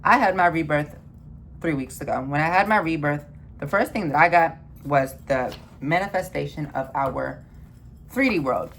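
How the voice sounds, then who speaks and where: A woman's voice: normal speed, a little hiss or hum. Fired-up woman ranting, voice dips and swells. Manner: heated, swearing, repeats herself, swings from loud outbursts to low mutters. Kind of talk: impassioned spoken rant.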